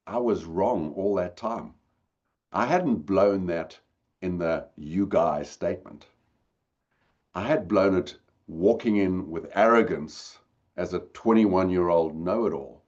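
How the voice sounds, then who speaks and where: A middle-aged man tells a story in a low voice, swinging from loud to hushed. His talk is animated storytelling. The recording sounds slightly dull. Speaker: speaker.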